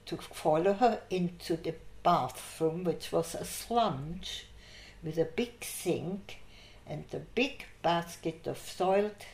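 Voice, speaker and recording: An older woman shares memories in an unhurried, lower-pitched voice, laughing as she tells her anecdotes. The recording has a noticeable room echo around her. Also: gravelly. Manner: lively anecdotal, laughs through her stories. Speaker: interviewee. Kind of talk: oral history storytelling. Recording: echoey room.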